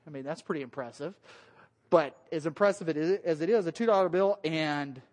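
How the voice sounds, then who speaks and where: A man, a pastor giving a relaxed, conversational sermon in church, cracking jokes. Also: fairly high pitch, moderate pace. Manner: conversational, joking, acts out quoted voices. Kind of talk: casual sermon with slides.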